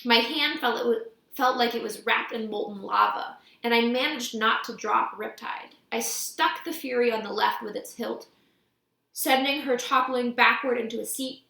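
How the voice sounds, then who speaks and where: Woman reading a story, gravelly and bright. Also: on the high side, normal speed, roomy sound, low-quality recording. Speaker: audiobook reader. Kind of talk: reading a novel aloud.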